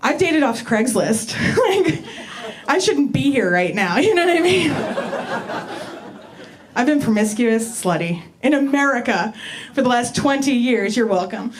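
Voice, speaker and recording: High-voiced woman doing stand-up. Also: very animated, unhurried. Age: 40s. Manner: chatty, self-mocking, crude. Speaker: stand-up comedian. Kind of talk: stand-up comedy set. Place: live comedy venue with audience. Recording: live room with crowd noise. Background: audience laughter.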